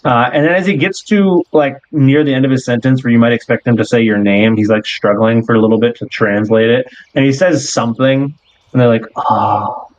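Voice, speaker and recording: A man runs a tabletop game, narrating in a loose, unhurried way full of "like" and small restarts. His voice sits in a middle pitch. The recording is dry and somewhat dull. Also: fairly even intonation, a little mellow, dry recording. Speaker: game master.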